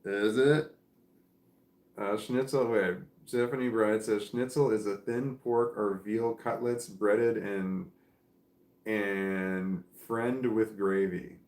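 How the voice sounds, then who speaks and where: A man's voice: on the low side, fairly even intonation, takes it slowly, darkish tone, echoey room. A man hosting a livestream, chatting casually and reading out viewer comments, rambling with many restarts. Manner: rambling, with frequent restarts and filler. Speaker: livestream host.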